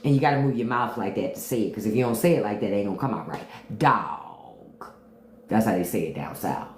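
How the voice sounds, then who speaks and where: Candid D.C. woman with a low voice. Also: racing, warm tone, slight background noise. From Washington, D.C. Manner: candid, laughs often, drops into imitations of regional speech. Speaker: podcast host on a livestream. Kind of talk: casual livestream chat answering viewers. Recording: echoey room.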